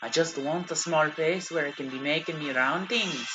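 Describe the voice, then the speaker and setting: A man voicing a grumbling adult stone mason with a put-on Scottish accent and gruff, folksy talk. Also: a little high, normal speed, over music, close to an everyday voice.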